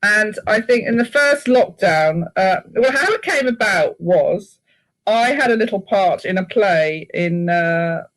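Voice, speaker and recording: A woman guest chatting in an interview, telling lively stories and laughing often. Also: mid-range voice, unhurried, rough recording.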